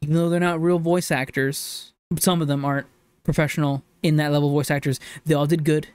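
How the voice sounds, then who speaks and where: A fairly high-voiced man co-hosting a podcast who gushes with excitement and often leaps up in pitch. The sound is dry and close, with no room around it. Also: fairly quick, clean tone, no echo. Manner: excitable, gushing, gasps and jumps up in pitch when delighted. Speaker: podcast co-host. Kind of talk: casual chat.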